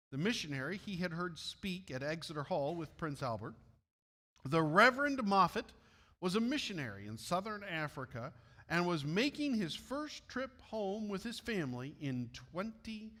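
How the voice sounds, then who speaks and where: Brief: Midwestern male church storyteller, chatty asides, slightly high voice, echoey hall. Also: bright, forceful tone. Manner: friendly asides to listeners. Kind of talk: reading a missionary story aloud.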